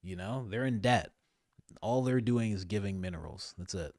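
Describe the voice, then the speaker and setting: A man's voice: on the low side, moderate pace, a little mellow, no echo, studio quality. A man hosting a podcast, giving casual political commentary in an opinionated, exasperated way. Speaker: podcast host.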